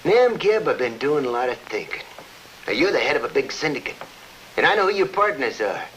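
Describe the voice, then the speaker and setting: In a 1940s radio drama with faint hiss, a man plays a scheming, greedy gangster boss who gloats while blackmailing, using a tough-guy snarl. His mid-range voice is very animated, brisk and a bit bright. The recording quality is low.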